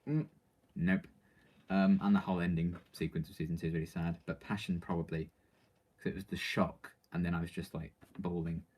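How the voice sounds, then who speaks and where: A man's voice: deep voice, flat delivery, brisk, darkish tone. A man reading out viewer questions and answering them in casual, rambling live-stream chat, full of ums and likes.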